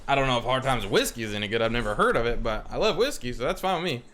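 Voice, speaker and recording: Musing bright-voiced man playing a game. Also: medium pitch, expressive, very fast, slight background noise. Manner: musing, rambling. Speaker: let's play host. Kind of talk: casual game commentary.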